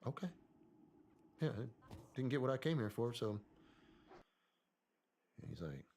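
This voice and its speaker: A man, a podcast guest, telling a personal story in a soft-spoken, hesitant way that often trails off. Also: mid-range voice, very animated, a little slow, slight background noise.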